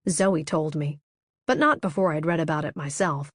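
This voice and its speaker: A woman narrating a romance audiobook in the first person, with a measured, intimate delivery. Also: deep voice, lively intonation, no room sound, studio quality.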